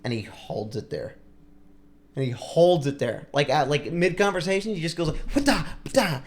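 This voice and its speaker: A man's voice: fairly high pitch, animated, moderate pace, darkish tone. A young man on a podcast telling a long story in a casual, rambling way, full of likes and restarts. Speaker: podcast co-host.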